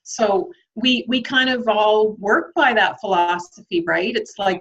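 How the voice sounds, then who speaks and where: A woman's voice: mid-range voice, a little slow, few pauses, fairly bright tone, lo-fi sound. A woman guest on a podcast interview, speaking candidly and reflectively, with frequent ums and light laughter.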